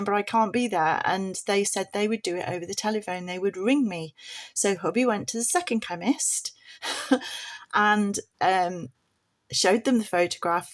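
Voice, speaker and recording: A woman vlogging casually from her bed at home, rambling and laughing often while she gets over tonsillitis with a sore throat. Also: medium pitch. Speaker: budgeting vlogger. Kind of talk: casual chat to camera.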